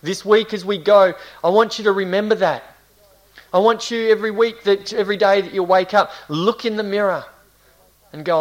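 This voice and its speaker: Male pastor, emphatic then hushed. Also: sits high, normal speed, low-quality recording. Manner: swings between loud emphatic reading and hushed intimate phrases. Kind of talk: sermon. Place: church.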